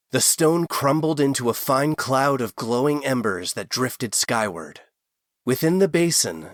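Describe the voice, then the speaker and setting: Male audiobook narrator, lively pitch, dry close recording. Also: no echo. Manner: expressive storytelling. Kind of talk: scripted narration.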